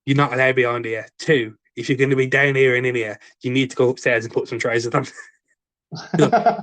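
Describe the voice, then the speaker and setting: Lively West Midlands man telling stories. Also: medium pitch, a little fast, dry recording. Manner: animated storyteller acting out quoted dialogue, laughs often. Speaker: podcast co-host. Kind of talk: casual chat, storytelling anecdote.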